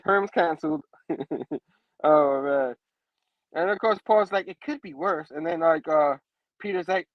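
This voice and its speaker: High-voiced, chuckling male show host. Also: no room sound, lo-fi sound. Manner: laughs often, keeps saying "you know what I mean". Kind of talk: casual comic book review chat.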